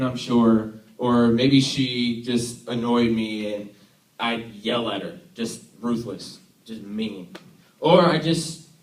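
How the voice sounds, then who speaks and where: A young man from Tennessee delivers a relaxed, chatty sermon, with jokes at his own expense. His voice sits at an ordinary middle pitch. The sound is roomy, picked up from some distance in a church hall. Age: young adult. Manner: joking, self-deprecating, chatty. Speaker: youth worship leader preaching. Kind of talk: casual sermon. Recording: echoey hall, mic from far off.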